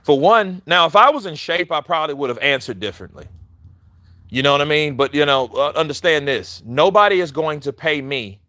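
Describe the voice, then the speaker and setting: Bright, animated man riffing on boxing. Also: fairly high pitch, a little fast, no echo, clean studio sound. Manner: animated, profane, laughs often, restarts mid-sentence; addresses viewers directly. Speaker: boxing commentator. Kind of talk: casual chat.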